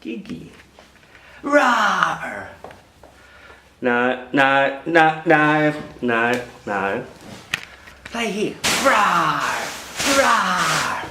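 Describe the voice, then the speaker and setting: A man's voice: medium pitch, takes it slowly. Man coaxing a toddler in baby talk. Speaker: father filming his toddler. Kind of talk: home video chat with a toddler. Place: family home, indoors. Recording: echoey room with loud vacuum hum.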